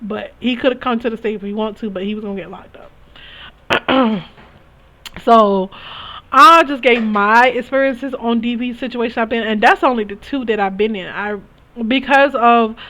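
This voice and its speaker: A woman's voice: on the high side, a bit bright. A young woman telling her own story in a candid, emphatic way, often restarting her sentences. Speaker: spiritual reader sharing experiences. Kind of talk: casual personal storytelling. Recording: dull lo-fi recording.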